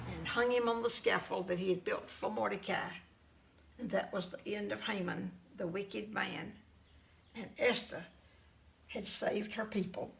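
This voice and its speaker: A woman teaching a children's Bible class, telling the story gently, with fillers. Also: mid-range voice, creaky, noisy background.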